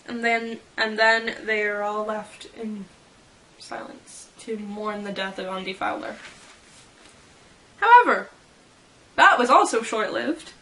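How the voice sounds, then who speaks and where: A woman's voice: medium pitch, a little slow, bright, forceful tone, a little hiss or hum. A woman chatting casually as a fan vlogger, reading fan fiction quotes aloud and giggling about how people would react. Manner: giggly and playful.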